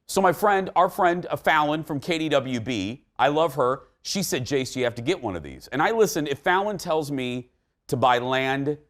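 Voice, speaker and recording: A man's voice: fairly high pitch, lively intonation, a bit bright. Chatty upbeat man hosting a morning show. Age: 40s. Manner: upbeat and chatty, quick asides. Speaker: talk show host. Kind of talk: lively morning show chat. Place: TV studio with live audience.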